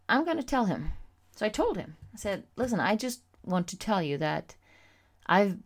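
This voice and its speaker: Candid woman telling a personal story, lower voice. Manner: candid and expressive, with frequent pauses and fillers. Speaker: podcast host.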